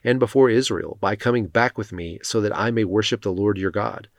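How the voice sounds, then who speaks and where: A defensive king who insists he obeyed and then begs for pardon, read by a man in his own low voice. The reading stays solemn and steady, and the sound is dry and close. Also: a little fast, no echo, close to an everyday voice. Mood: pleading.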